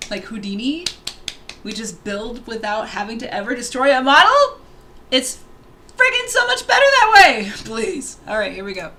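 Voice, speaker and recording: A woman streaming her live learning session, chatting casually, excitable and thinking aloud. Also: mid-range voice, noisy background.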